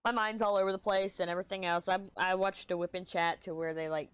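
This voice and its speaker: Talking fast in a fairly low, fairly even voice with a clean tone, a middle-aged Texan woman crafts and chats in her Texan accent. The craft vlogger wanders across topics, swears without thinking, and has a slightly stuffy sound.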